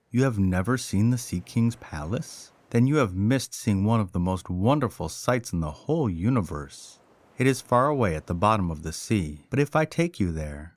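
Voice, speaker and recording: A man voicing a calm, kindly male sea tortoise who guides a fisherman, speaking politely and reassuringly. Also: fairly low pitch, dry recording.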